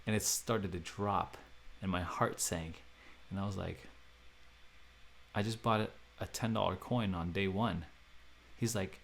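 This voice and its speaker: A man hosting a vlog who tells a story in an animated way. He acts out the quoted dialogue with big jumps in pitch and loudness, and he laughs often and mocks himself. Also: unhurried, vocal fry, long pauses. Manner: self-mocking, laughs often. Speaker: crypto video host.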